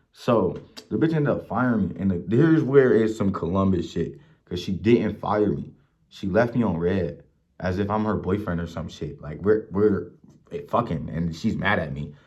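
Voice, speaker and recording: Deep-voiced young man ranting, lo-fi. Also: normal speed. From Mansfield, Ohio. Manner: profane, animated, acts out quoted people. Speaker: vlogger. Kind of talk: casual storytelling rant. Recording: dull lo-fi recording.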